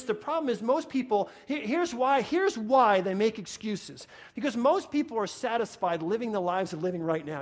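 High-voiced preacher with a New York accent. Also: male voice, normal speed, hardly any pauses. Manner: animated, repeats phrases when worked up. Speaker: pastor. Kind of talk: sermon.

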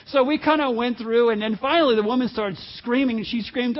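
Man, pastor, sermon, personal story, very high voice, halting restarts, dull lo-fi recording. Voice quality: halting, self-interrupting delivery with laughs. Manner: storytelling, swings from quiet asides to loud emphasis.

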